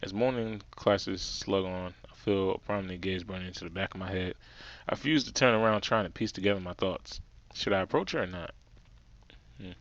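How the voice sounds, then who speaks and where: A man's voice: low voice, a little fast, a bit bright, highs cut off. A man from New Jersey reading a visual novel aloud with casual, jokey asides and stumbles. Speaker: let's play streamer reading a visual novel.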